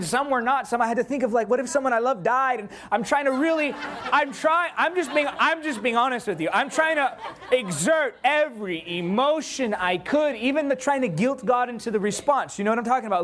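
A man preaching a sermon, telling a story in an animated way and acting out his own prayers. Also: extremely high pitch, normal speed.

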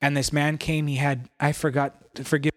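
A young man preaching a sermon, telling stories in an animated, conversational way. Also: a little high, normal speed. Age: young adult. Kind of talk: sermon storytelling.

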